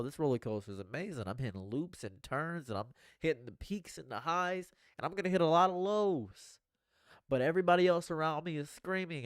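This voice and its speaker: A man in a rambling live stream monologue at a middle pitch, earnest and prone to repeating himself. The sound is dry and close, with no room around it. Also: no echo.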